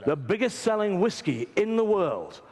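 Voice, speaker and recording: A man giving a chatty whisky presentation to a live audience, pausing for an interpreter and joking with the crowd. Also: sits high, sing-song. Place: crowded bar trade show hall. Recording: loud crowd noise behind.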